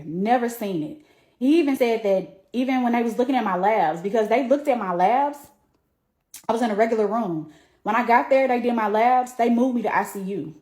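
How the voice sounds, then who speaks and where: A woman's voice: fairly high pitch, husky. A woman vlogger telling her personal story in a casual, heartfelt way, then urging listeners to keep going like a preacher. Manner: earnest and encouraging, casual and heartfelt. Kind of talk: personal testimony vlog.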